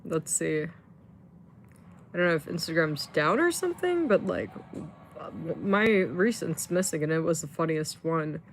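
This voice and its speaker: A woman's voice: low-pitched, lively intonation, measured pace, slight background noise. A woman livestreaming in casual chat, rambling with lots of fillers and swearing when frustrated.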